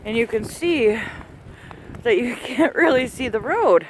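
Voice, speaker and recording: A woman's voice: fairly high pitch, animated, measured pace. Lady filming her yard in a blizzard on her phone, chatty, kinda winded, faint wind hiss. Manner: chatty, laughs often, talks to pets. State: out of breath. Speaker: vlogger filming a home video diary. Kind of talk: casual handheld narration. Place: outdoors in a snowstorm at night, then in a garage. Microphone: phone held in hand.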